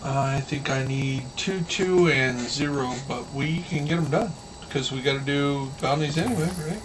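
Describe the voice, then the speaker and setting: A man's voice: medium pitch, normal speed. A man streaming a game, chatting casually and telling folksy stories with a drawl. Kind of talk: casual chat while gaming. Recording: distant mic with faint background noise.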